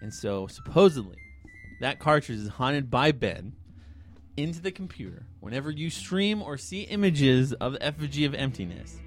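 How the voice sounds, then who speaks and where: Guy telling a creepy story to his buddies, rambly, mid pitch, little music underneath. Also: normal speed. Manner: rambling, animated retelling with acted quotes. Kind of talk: casual storytelling chat.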